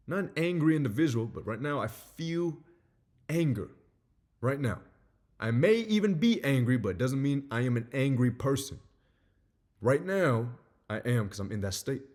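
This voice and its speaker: Animated man with a husky voice. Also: mid-range voice. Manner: animated, acts out little scenes. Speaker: self-help speaker. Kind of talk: motivational talk to camera.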